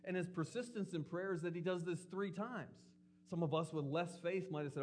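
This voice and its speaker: A man's voice: high-pitched, a little fast, few pauses, a little hiss or hum. A man preaching a sermon in an earnest way, asking rhetorical questions and acting out quotes.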